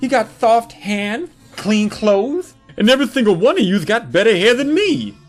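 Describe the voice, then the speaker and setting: A man's voice: high-pitched, big pitch swings, normal speed, soft background music. A man voicing a hulking, menacing schoolgirl bully who threatens and leers. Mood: leering. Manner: threatening, then leering.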